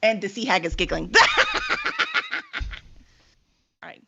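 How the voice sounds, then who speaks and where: A woman running a tabletop game as game master, casual and quick with her asides. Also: fairly low pitch, gravelly, lo-fi sound, very noisy. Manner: lively, laughs often, quick asides.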